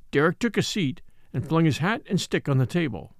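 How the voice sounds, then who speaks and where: Guy narrating a mystery audiobook, gravelly, lively pitch, dry close mic. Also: brisk, few pauses, no room sound. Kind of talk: scripted narration.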